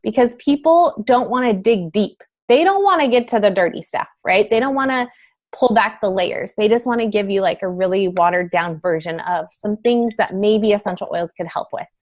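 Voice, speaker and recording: A woman teaching a class in a chatty, casual way, with many fillers and quick switches into acted examples. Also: mid-range voice. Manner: chatty, filler-heavy, breaks into role-play quotes. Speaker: wellness sales trainer. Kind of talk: casual instructional talk.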